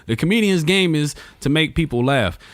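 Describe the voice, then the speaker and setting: A man's voice: on the high side, normal speed, no room sound. Slangy storytelling man, dry close sound. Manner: animated storyteller, slangy, swears freely. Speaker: comedian guest. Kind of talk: casual podcast chat.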